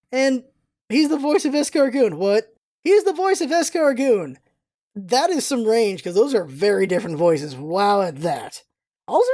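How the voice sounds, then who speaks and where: A young woman hosting a casual rewatch podcast, chatty and excitable, rambling through facts with lots of asides. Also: medium pitch, dry recording, clean studio sound. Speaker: podcast host.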